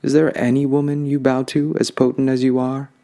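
A man's voice: mid-range voice, flat delivery, fairly quick, gravelly, dark tone, voice pushed up, lightly acted. A man voicing a proud, stubborn old grandmother who speaks in a commanding, insistent way.

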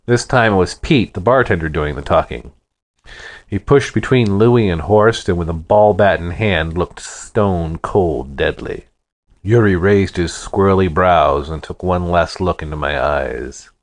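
A man narrating a first-person fantasy story in an expressive, dramatic manner. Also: deep voice, a little slow.

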